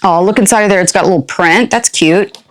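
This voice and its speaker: An older woman hosting a casual unboxing, chatty and playful with quick asides and a jokey put-on country twang. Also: mid-range voice, a little hiss or hum. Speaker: unboxing channel host. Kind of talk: casual product unboxing chat.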